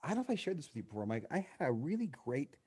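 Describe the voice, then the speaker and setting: A counselor appearing as a guest on a casual podcast conversation speaks very fast with a high-leaning, very animated, warm and husky voice. In this casual radio talk he tells stories and acts out the quoted dialogue.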